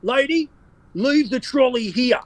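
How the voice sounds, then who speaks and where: A man's voice: extremely high pitch, expressive, unhurried, pitched above the performer's own voice, poor audio. A man putting on an impression of a pushy older club owner with a Cypriot Greek accent. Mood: incredulous. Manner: loud, exaggerated, demanding.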